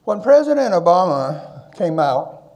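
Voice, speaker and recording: Animated older man giving a keynote. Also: high voice, unhurried. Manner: animated, tag question "okay?" after points. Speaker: conference speaker. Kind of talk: storytelling keynote talk.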